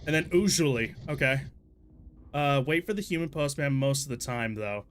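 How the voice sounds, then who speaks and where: A man's voice: mid-range voice, normal speed, a bit bright, slight background noise. A man streaming a story game, rambling casually, swearing freely and laughing at himself. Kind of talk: casual let's-play commentary.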